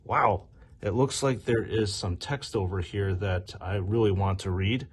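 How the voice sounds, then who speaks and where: A man's voice: lowish voice, unhurried, breathy edge. A man hosting a casual product review, with upbeat, detail-focused commentary. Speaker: toy reviewer host.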